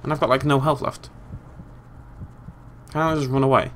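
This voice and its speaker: A British man commentating his gameplay, swinging from exasperated yelling to low muttering. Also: flat delivery, moderate pace, a little hiss or hum. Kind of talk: let's play commentary.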